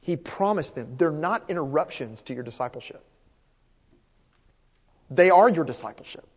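A man's voice: fairly high pitch, lively intonation, moderate pace. A man preaching a sermon as pastor, earnest and repeating his key points for emphasis. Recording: long hall reverb.

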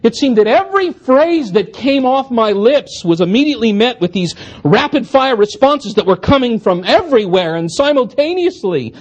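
A preacher with a husky, slightly breathy voice tells a story from the pulpit. He swings his pitch widely and lets his self-deprecating humor show throughout. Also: big pitch swings, moderate pace, few pauses. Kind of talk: storytelling sermon.

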